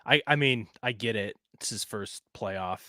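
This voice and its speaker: A man's voice: on the low side, a little slow, no echo, studio quality. Easygoing man talking sports bets. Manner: relaxed, hesitant, thinks aloud with restarts. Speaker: sports betting podcast co-host. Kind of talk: casual chat.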